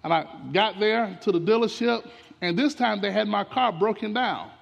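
A man delivers a storytelling sermon from the pulpit, his voice pitched high with a gravelly edge. He addresses the congregation directly, speeding up and slowing down for effect. The sound carries a long church reverb. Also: dull audio. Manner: animated storytelling with sudden swings in pace and loudness. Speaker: preacher. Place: church sanctuary.

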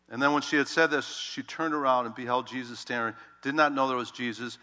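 A male pastor with a strikingly bright, forceful voice preaches with animated storytelling. His emphasis swings from ringing, urgent lines to hushed asides. A long reverb trails every phrase, as if in a large church. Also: mid-range voice, brisk, hardly any pauses. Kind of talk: sermon.

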